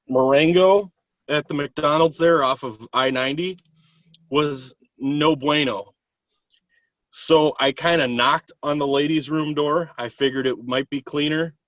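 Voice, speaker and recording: Higher-voiced man chatting, jokey. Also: a bit bright, dry recording. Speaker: guest. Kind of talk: casual podcast chat.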